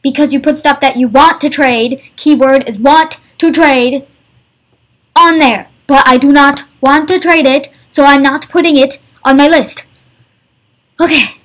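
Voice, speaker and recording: Exasperated young woman ranting, high voice. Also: fairly even intonation, fairly bright tone. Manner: exasperated, fast, filler-heavy with many "like"s. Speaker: gaming vlogger. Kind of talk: casual ranting commentary over gameplay.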